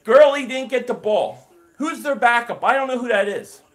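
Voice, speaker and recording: Host, man, higher voice, energetic play-by-play on a live stream, chats with his viewers. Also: moderate pace. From Philadelphia area. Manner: excited play-by-play calling, reading and answering chat. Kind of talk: live game reaction stream.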